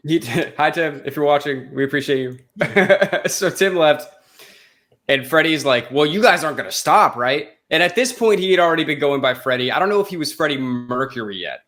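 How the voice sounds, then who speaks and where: A man from the United States talks casually as a podcast co-host. His voice sits a little higher than most men's. He is loose and joking, with frequent swearing. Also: expressive, moderate pace, fairly bright tone.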